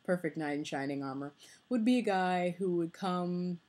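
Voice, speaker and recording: A woman's voice: on the low side, normal speed, darkish tone. Chatty young woman vlogging, rambling. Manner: rambling, chatty, many fillers and restarts. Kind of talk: casual vlog chat.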